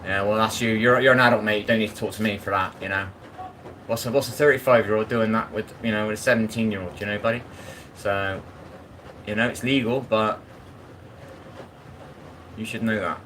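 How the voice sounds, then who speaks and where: A man's voice: fairly low pitch, steady tone, brisk, long pauses, a bit bright, a little hiss or hum, rough recording. A man chatting bluntly with his live chat while washing up, often asking if you know what he means. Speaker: live streamer. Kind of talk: casual live-stream chat.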